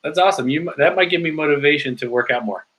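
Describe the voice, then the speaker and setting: Guy on a podcast telling a story, bright voice, lots of likes, animated. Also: a little high, fast, highs cut off, slight background noise. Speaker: guest. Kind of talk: casual podcast interview storytelling.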